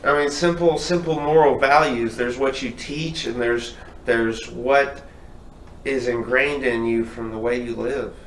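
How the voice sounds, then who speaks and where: A man hosting a casual podcast chat, rambling with halting restarts. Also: mid-range voice, fairly even intonation. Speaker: podcast host. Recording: echoey room with faint noise.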